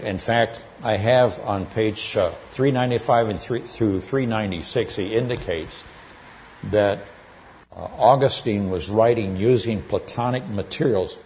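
A man giving an expository sermon, explaining terms with measured pacing and frequent pauses. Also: lowish voice, darkish tone, slight background noise. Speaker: preacher.

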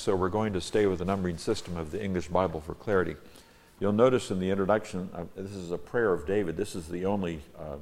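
Low-voiced man teaching scripture. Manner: reads scripture aloud, then stops to explain Hebrew words; stresses divine names and key words. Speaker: Bible teacher. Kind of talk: verse-by-verse Bible study lecture.

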